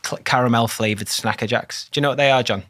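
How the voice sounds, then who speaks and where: A man who co-hosts a podcast as a cardiologist, explaining things in a relaxed chat with swearing and laughter. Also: medium pitch, quick pace.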